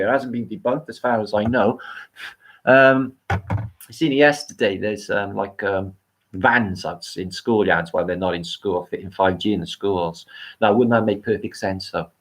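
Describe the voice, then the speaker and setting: A middle-aged man with a British accent talks off the cuff on a live stream, with a somewhat low voice. His delivery rambles and swears freely, jumping up and down in pitch as he gets worked up. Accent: British English. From England. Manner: rambling, profane, animated swings in pitch. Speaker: livestream host. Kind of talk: casual live-stream monologue.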